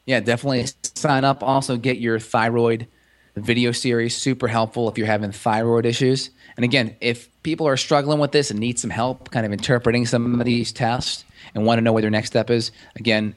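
Man explaining health topics on a podcast. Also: on the low side. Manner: explanatory, clinical detail with frequent restarts. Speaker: functional medicine practitioner co-host. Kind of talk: casual podcast chat.

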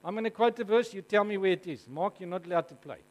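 A man with a South African accent preaching to a congregation. He tells stories in an animated, jokey way and keeps asking the audience questions. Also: high voice, quick pace, poor audio. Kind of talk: storytelling sermon to a live congregation.

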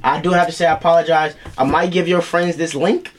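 High-voiced young man chatting haltingly. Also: steady tone, crowd noise. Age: young adult. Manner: halting, restarts his sentences. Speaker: podcast co-host. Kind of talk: casual chat among friends. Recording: friends chattering over each other.

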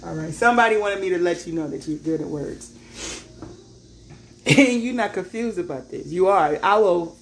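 A woman's voice: fairly low pitch, creaky, slight background noise. Laughing, chatty woman reading tarot. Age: adult parent. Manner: chatty, laughing often, slangy asides. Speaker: tarot reader.

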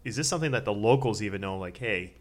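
A man co-hosting a casual conversation. He asks quick questions and slips in self-deprecating jokes. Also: on the low side, expressive, darkish tone. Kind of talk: casual chat.

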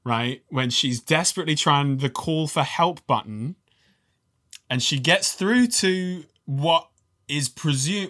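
A man co-hosting a casual film review podcast, animated and ranting, swearing freely. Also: mid-range voice. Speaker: podcast co-host.

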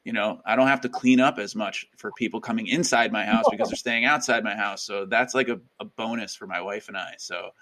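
A man's voice: on the low side, brisk, hardly any pauses, a bit bright. A man in his thirties, a guest educator and author, chatting casually and upbeat with many fillers in an interview.

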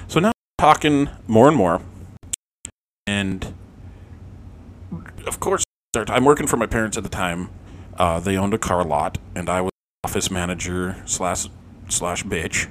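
Male podcast host with a lower voice, rambling and foul-mouthed storyteller, self-mocking, with faint noise behind. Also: a little slow, long pauses. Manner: rambling and profane, with many "um"s; self-deprecating. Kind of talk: casual storytelling monologue.

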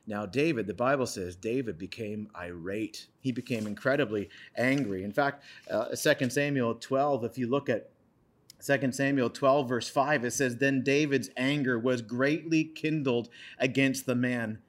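A man preaching an earnest sermon, retelling a scripture story and reading verses aloud with dramatic pauses. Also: medium pitch. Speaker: pastor.

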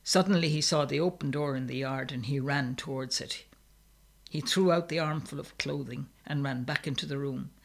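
A man reading a story aloud in a measured, steady narration. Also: mid-range voice, vocal fry.

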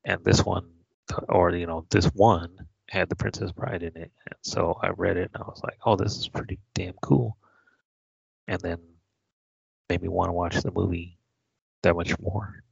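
Deep gravelly husky man. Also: flat delivery, no echo, highs cut off. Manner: dry, unhurried, understated. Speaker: podcast co-host. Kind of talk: casual chat.

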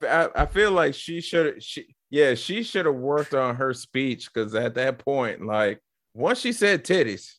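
A man's voice: mid-range voice, expressive, a little slow, fairly bright tone, no echo, clean studio sound. A man in casual podcast chat, joking with hesitant false starts.

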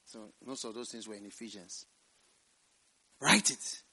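A man preaching a revival sermon in church, swinging from loud, drawn-out scripture quotes to quiet, hushed asides. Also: lowish voice, steady tone. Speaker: pastor.

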